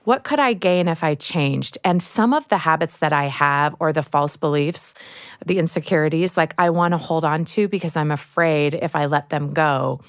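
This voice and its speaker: A woman with a fairly low voice talks through a book in a relaxed chat, thoughtful and sincere. The sound is close and dry, with no room echo. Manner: reflective and earnest, rattles off lists quickly. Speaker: podcast co-host. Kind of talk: casual book club chat.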